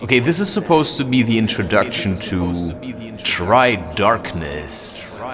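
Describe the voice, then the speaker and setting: Walking through a forest at night with a handheld camera, a man vlogs his rambling spiritual musings, meandering and interrupting himself as he goes. His voice is lowish and sing-song, his pace unhurried, and a crowd can be heard in the background.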